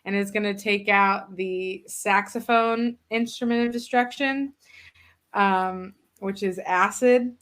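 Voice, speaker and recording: Bright, slow-talking woman player rambling. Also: medium pitch, steady tone. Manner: rambling, full of filler words and giggles. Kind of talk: casual tabletop game play.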